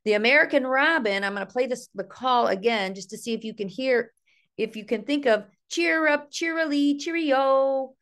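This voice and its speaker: A woman's voice: on the high side, brisk, a bit bright. Chatty woman teaching over a video call. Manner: chatty, playful, mimics bird calls in sing-song. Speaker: naturalist and art instructor. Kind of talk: online nature workshop talk.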